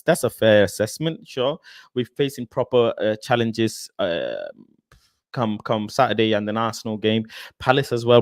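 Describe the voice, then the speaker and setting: A young man chats casually to his viewers on a livestream, reading comments aloud and answering each one. His delivery is animated and expressive, and the dry, close sound of the mic keeps him right up front. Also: fairly low pitch, dry recording. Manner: animated, expressive, laughs often, addresses viewers by name. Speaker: livestream host reading chat.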